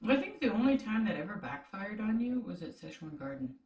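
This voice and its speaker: A woman's voice: mid-range voice, big pitch swings, fairly quick, a little mellow, reverberant, distant mic. A woman co-hosting a snack tasting show, chatting casually with her partner and teasing him.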